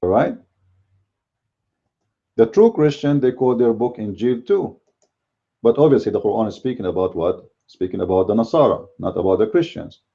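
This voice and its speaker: A man with a very deep, mellow voice whose first language is Arabic, arguing in a blunt and combative way. He delivers casual commentary on a dull, lo-fi recording. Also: lively intonation, normal speed, vocal fry, long pauses. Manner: blunt and combative, speaks bluntly by his own account. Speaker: Christian apologetics commentator.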